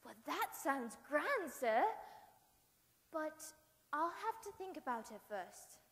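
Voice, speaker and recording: A woman's voice: high voice, big pitch swings, slow pace, a bit bright, heavily acted. A woman voicing an earnest, eager young boy. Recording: reverberant hall.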